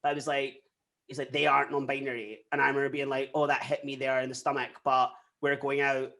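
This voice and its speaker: A young adult guest with a Scottish accent, telling personal stories candidly in a casual interview, often quoting themselves and others. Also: male voice, mid-range voice, fast talker, vocal fry. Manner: candid, animated storytelling with frequent quoted asides.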